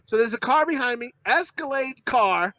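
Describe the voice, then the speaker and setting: A man's voice: extremely high pitch, expressive, moderate pace, bright, forceful tone, no echo. A middle-aged man and podcast co-host telling rambling, profane, self-mocking stories in casual chat. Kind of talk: casual storytelling.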